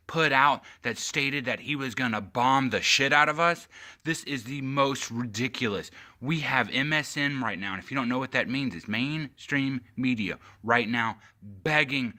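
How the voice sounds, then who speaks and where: A man's voice: medium pitch, sharp tone. A man delivering a heated, profane, sarcastic political rant into his phone camera as a vlogger.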